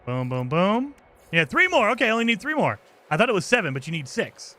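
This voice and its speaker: A man's voice: sits high, very animated, fast, pushed and bright. A man streaming a game, chatting and explaining his moves as he plays, grumbling when things go wrong. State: out of breath at times while running. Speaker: gaming streamer. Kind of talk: casual gameplay commentary.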